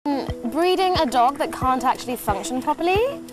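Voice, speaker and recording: An actress playing a hypocritical dog owner in a comedy sketch, smug and disapproving. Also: female voice, high-pitched, animated, normal speed. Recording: sketch clip over music. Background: music.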